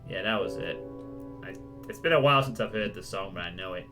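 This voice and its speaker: A man's voice: low voice, expressive, fast, over music. A man hosting a casual let's play, cracking jokes, swearing and laughing at himself as he plays. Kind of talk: casual gameplay commentary.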